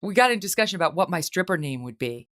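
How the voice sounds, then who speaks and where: A middle-aged woman hosting a talk show, chatting casually and telling lively stories in which she acts out quoted voices. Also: lowish voice, fast talker. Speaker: host. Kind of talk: casual chat.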